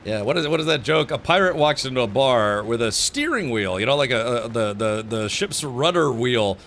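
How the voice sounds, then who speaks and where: A man's voice: medium pitch, lively intonation, moderate pace, fairly bright tone, slight background noise. A man streaming a video game live, chatting casually, laughing often and thanking viewers.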